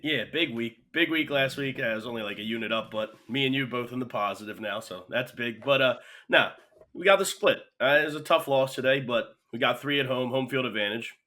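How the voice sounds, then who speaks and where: Chill guy on a betting pod, really bright voice, short answers, laughs a lot. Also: medium pitch, fairly quick. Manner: laid-back, short remarks, laughs often. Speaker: podcast co-host. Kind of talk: casual sports betting chat.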